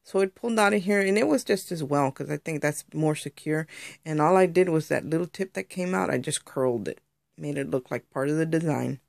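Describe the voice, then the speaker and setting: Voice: mid-range voice, brisk, vocal fry, dry recording, studio quality. A crafter chatting through a casual show-and-tell tutorial on handmade jewelry, rambling and explaining step by step.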